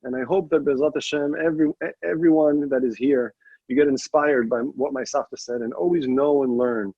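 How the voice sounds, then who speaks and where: A man's voice: medium pitch, steady tone, moderate pace, no room sound, highs cut off. A young man telling a personal family story at a memorial program, earnest, with restarts and emphatic quoted lines.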